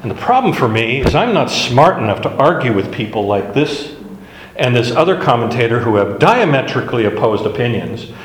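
A man teaching a Bible study class in a slow, conversational, self-deprecating way. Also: medium pitch, big pitch swings. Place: classroom or church meeting room. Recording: echoey room recording, faint hiss.

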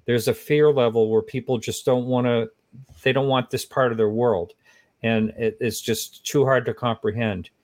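A man's voice: medium pitch, fairly even intonation, normal speed, darkish tone, dry recording. Sympathetic male host, dry close sound. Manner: sympathetic, rambling with fillers. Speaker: podcast host. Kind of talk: casual interview talk.

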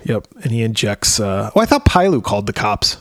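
A man's voice: on the low side, sing-song, fairly quick, a bit bright, no echo. A man co-hosting a podcast, recapping a film in a chatty way, laughing and swearing easily, on a close mic. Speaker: podcast co-host. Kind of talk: casual film chat.

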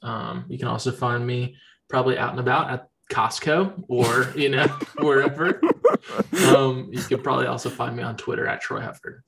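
A man with a mid-range voice on a group podcast call, trading dry one-liners in an easy, unhurried way. Faint noise hums under his voice. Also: mid-range voice, fairly even intonation, vocal fry. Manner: dry, joking. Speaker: player and guest. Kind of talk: casual chat.

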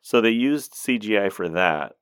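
A man co-hosting a podcast, reviewing a movie in a wry, rambling, deadpan way. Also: on the low side, moderate pace, clean tone, no echo, clean studio sound. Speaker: podcast co-host. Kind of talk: casual movie review chat.

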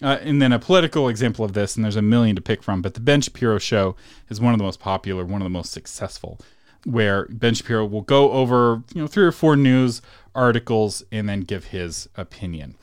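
A man's voice: lowish voice, brisk, no room sound. Dry-voiced man hosting a solo podcast. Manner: conversational, frequent fillers and self-corrections. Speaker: podcast host.

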